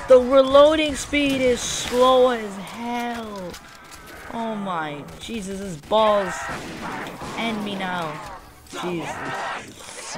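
A woman's voice: fairly low pitch, background noise. A young woman giving casual gameplay commentary while complaining about a shooter game, exasperated and sarcastic. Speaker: gaming youtuber.

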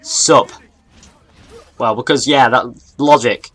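A young man with a mixed northern and southern English accent, giving rambling, excitable let's play commentary. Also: medium pitch, slow pace, no room sound. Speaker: gaming YouTuber.

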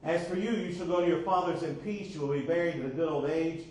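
Brief: pastor, high-pitched man, distant mic in a reverberant church. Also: fairly even intonation, fast talker, darkish tone. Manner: call-and-response preaching, repeated "how many know". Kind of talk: sermon. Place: church sanctuary. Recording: echoey church room from far off.

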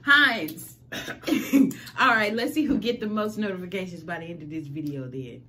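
A woman's voice: medium pitch, normal speed, bright, forceful tone. A woman hosting a casual home vlog, talking in playful, slangy banter. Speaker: vlogger host. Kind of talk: casual chat.

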